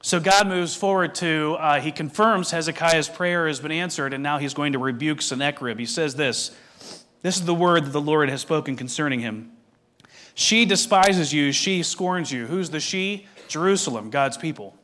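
A man with a fairly high voice delivers a sermon as pastor. He reads passages of scripture aloud, then explains them at a measured pace and puts direct questions to his listeners. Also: sharp tone.

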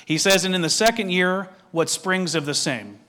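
A pastor with a fairly high, sharp-toned voice delivers a sermon. He reads scripture passages aloud, explains them at a measured pace, and puts direct questions to his listeners.

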